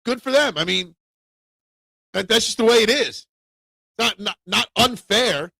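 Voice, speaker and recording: A man hosting a casual sports talk show, opinionated and animated, raising his voice when he rants. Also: high voice, unhurried, creaky, slightly rough, no echo. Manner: opinionated, animated, gets loud when ranting.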